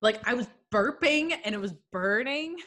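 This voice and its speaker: A woman in her twenties chats casually with a friend, telling a comic story. She sounds animated and laughs often. Her voice is bright and forceful. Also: fairly high pitch, moderate pace. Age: 20s. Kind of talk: casual chat.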